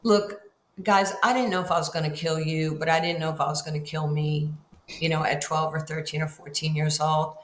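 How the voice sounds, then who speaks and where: A woman's voice: low voice, fairly quick. A woman in her sixties from New York, a guest telling stories in an interview, acting out the voices she quotes. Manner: animated, acts out quoted voices. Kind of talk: storytelling interview. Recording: roomy echo, faint ambience.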